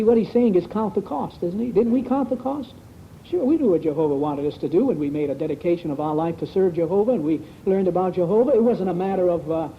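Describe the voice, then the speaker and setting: A man giving a conversational Bible talk at a congregation meeting, folksy, asking rhetorical questions and repeating "see?" and "sure". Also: high-pitched. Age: 1970s recording. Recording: muffled old lo-fi tape with faint hiss.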